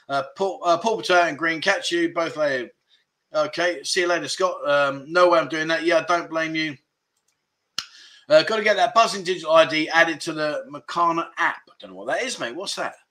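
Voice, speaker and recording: Reading out comments from his viewers, a livestream host chats about them in a relaxed, chatty way with frequent fillers. His voice is fairly high in pitch and comes across as pushed and bright.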